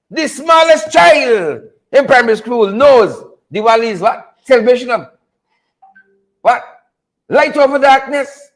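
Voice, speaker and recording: A man hosting a live political commentary show, calling out viewers by name and repeating catchphrases. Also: extremely high pitch. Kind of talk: casual live-stream commentary.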